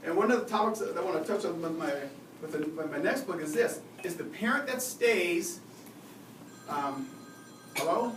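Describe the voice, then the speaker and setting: High-voiced man lecturing in an echoey room. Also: normal speed. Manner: lively, asks the audience questions, "right?" often. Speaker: behavior and communication expert giving a talk. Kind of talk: live seminar talk to an audience. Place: lecture room at a faculty club. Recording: roomy, distant mic with audible noise.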